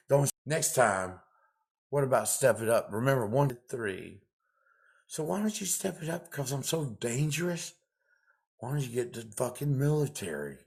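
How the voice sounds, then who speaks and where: Speaking at a medium pitch, a man unloads an angry, foul-mouthed rant straight to camera, repeating himself amid loud outbursts.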